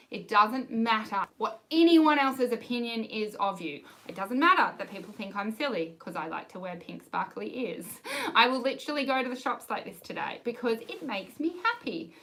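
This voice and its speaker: A woman's voice: on the high side, a bit bright, poor audio. An Australian woman, a riding coach, answering viewer questions on a live stream in a bubbly, upbeat way and laughing often.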